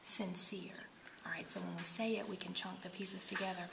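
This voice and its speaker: A woman teaching phonics one-on-one, patiently sounding out syllables and often dropping to a soft whisper. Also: fairly low pitch, level tone, brisk, vocal fry, hardly any pauses, background noise. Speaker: reading teacher.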